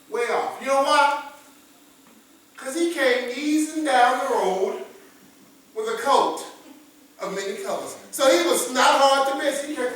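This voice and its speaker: A male pastor telling a story in a sermon, dramatic, swinging between loud and hushed. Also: very high voice, slight background noise. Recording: echoey hall, picked up from far off.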